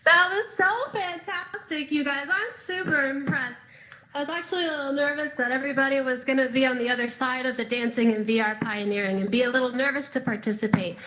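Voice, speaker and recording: A woman's voice: sits high, fairly even intonation, fast, a bit bright. A woman teaching a live dance class in virtual reality, upbeat, chatty and encouraging, a little out of breath, speaking into a VR headset mic. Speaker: dance instructor.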